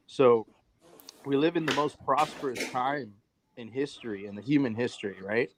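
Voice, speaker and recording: A man's voice: medium pitch, moderate pace, background noise. A man from the United States talking casually as a podcast host, loose and conversational, with many fillers and restarts.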